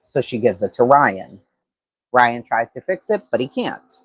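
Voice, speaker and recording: A man talks through a case on his livestream in a loose, rambling way, restarting sentences and leaning on fillers. His voice is husky and sits at an ordinary middle pitch, heard dry and close. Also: big pitch swings, unhurried, no room sound, poor audio. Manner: rambling, thinks aloud, frequent fillers and restarts. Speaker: true-crime livestream host. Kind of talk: casual livestream commentary.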